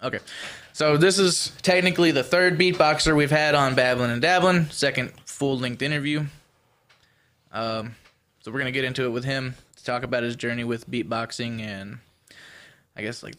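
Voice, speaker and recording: A man's voice: medium pitch, fairly even intonation, moderate pace, fairly bright tone. Loose, cursing male podcast host. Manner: loose, profane, joking. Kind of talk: casual podcast chat.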